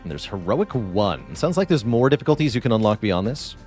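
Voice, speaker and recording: A chatty man streaming a video game, thinking out loud as he goes. His voice is fairly low but rises and falls a lot. Faint music plays behind him. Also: sing-song, brisk. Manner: chatty, thinking aloud with fillers. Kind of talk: casual live-stream game commentary.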